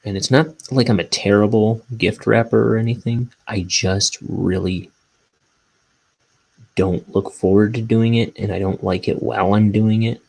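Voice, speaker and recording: With a fairly low pitch, steady tone and normal speed, the man sounds creaky and a little mellow on a low-quality recording. He's a cartoonist who rambles casually while inking his graphic novel, often teasing himself.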